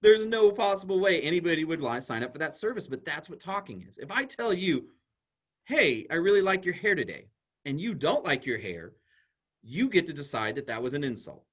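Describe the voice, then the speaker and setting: Husky, lively man giving a talk. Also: a little high, fairly quick. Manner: animated storyteller using everyday examples. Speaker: school psychologist giving a talk. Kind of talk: presentation to an audience.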